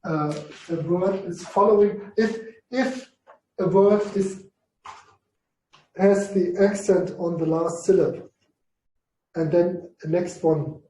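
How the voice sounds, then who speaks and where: Man teaching Greek, high mellow voice, hesitant, lots of fillers, echoey room away from the mic. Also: recorded from a distance, a little hiss or hum. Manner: hesitant, many fillers and restarts. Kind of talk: informal online lesson.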